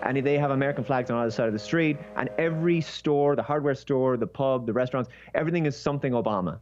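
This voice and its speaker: A man with an Irish accent, a guest telling stories in an animated, casual way. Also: medium pitch, quick pace, muffled recording. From Ireland.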